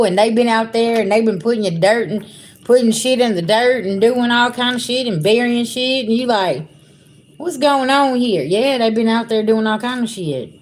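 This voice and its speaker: A woman's voice: fairly high pitch, darkish tone. A woman giving a casual livestream spiritual reading, talking bluntly and profanely straight to her viewers. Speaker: spiritual reader.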